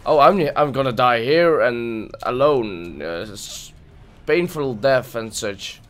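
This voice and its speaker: A man's voice: medium pitch, lively intonation, slow pace. A man giving live gameplay commentary, frustrated and swearing at the game as he plays. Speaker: gameplay video creator.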